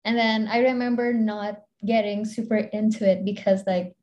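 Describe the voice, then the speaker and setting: A woman's voice: mid-range voice, fairly even intonation, normal speed, darkish tone. A young woman with a Filipino accent, a content creator chatting casually as an interview guest, rambling with lots of fillers and giggles.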